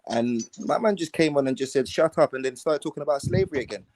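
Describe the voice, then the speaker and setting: A man's voice: medium pitch, animated, fast, darkish tone, a little hiss or hum. A man, rambling with lots of fillers and slang in a panel discussion.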